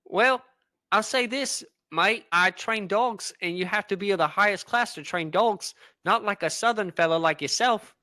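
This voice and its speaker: Think of a haughty upper-class dog trainer, as a man puts him on for an improv bit, with a fake British accent that keeps wandering into Australian. He talks in a bright, high voice with sneering, overly polite condescension, and the sound is close and dry. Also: moderate pace, no echo. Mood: snooty, mock-polite. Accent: put-on British drifting to Australian. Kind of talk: improv comedy sketch.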